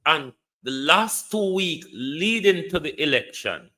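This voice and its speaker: A Jamaican man rants about politics in a bright, sharp voice pitched a little high. He scolds and mocks his listeners, switching freely into patois. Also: animated, takes it slowly. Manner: scolding, mocking, drops into patois. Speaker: political commentator. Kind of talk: livestream political rant.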